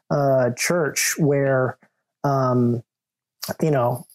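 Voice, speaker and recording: A man's voice: on the high side, measured pace, a little mellow. Rambling man, casual podcast guest. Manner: rambling, loose, lots of "like" and "um"; self-mocking, jokey asides. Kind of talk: casual chat.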